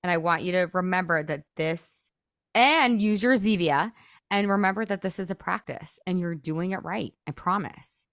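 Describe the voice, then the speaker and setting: A woman's voice: on the low side, normal speed, fairly bright tone, dry recording, clean studio sound. A woman in her thirties, a podcast host, coaching in a chatty, casual way, full of "like" and acted-out inner thoughts.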